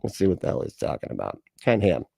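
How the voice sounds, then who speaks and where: A man's voice: sits low, huge pitch swings, fast, gravelly, dark tone, no room sound. A man hosting a livestream, reacting sarcastically to clips and chatting with viewers, swearing often and laughing at what he watches. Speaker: livestream host reacting to videos. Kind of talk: casual livestream reaction and chat.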